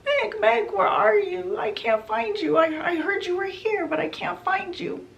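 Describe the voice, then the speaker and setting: A woman voicing a high, anxious calling mother. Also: animated, measured pace, creaky, a bit bright, full character voice. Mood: searching.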